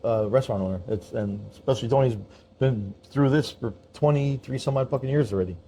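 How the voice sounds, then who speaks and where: A man co-hosting a casual chat, chiming in with quick agreement and casual swearing. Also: mid-range voice, mellow.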